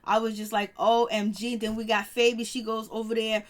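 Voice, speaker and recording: Fairly high-voiced woman reviewer, gossipy and dramatic, telling a show's events in a loose, rambling way. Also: level tone, a little fast. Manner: chatty, dramatic retelling with many fillers. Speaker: TV show reviewer. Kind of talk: casual recap of a reality show.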